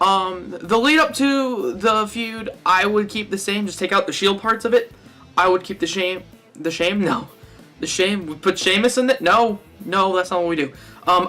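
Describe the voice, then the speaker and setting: A young man with a high-pitched voice talks through a casual fantasy-booking monologue. His tone is bright and sharp, and he rambles, often correcting himself and tossing in jokes. Faint music plays behind him. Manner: rambling, self-correcting and jokey. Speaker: wrestling fan vlogger.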